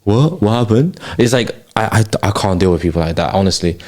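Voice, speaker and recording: A young man holds forth on a casual late-night podcast, his voice sitting low. He rants with loose slang and frequent swearing. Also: quick pace. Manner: ranting, slangy, swears freely. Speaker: podcast host.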